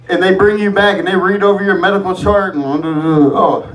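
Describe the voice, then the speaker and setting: A man's voice: high-pitched, moderate pace. A man doing a profane, rambling open-mic stand-up set on a comedy club stage. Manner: profane, rambling, loose delivery. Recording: echoey club from far off, crowd laughter.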